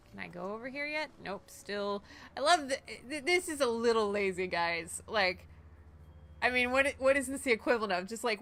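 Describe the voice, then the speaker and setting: A woman's voice: medium pitch, a little fast, fairly bright tone. A woman from Ireland playing a video game, chatting and joking as she goes. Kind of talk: casual let's-play commentary.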